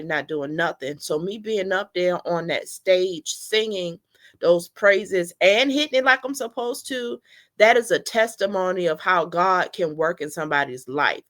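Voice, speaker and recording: A woman's voice: fairly low pitch, a bit bright. Tearful woman telling her story, AAVE. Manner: tearful, candid, talks to viewers as y'all. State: crying at times. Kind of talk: emotional personal storytelling.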